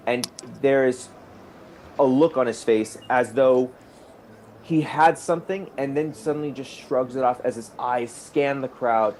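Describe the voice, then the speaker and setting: A man's voice: mid-range voice, a little mellow, slight background noise. A man narrating a tabletop role-playing game as game master, rambling, with fillers and restarts. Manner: rambling, with fillers and restarts, quickening in tense moments.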